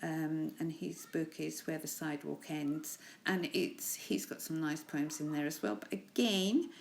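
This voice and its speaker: A woman's voice: sits low, steady tone, unhurried, creaky, slight background noise. A woman teacher in a recorded lesson, reading poems aloud to her pupils and chatting about them in a friendly, encouraging way with frequent laughs. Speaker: primary school teacher.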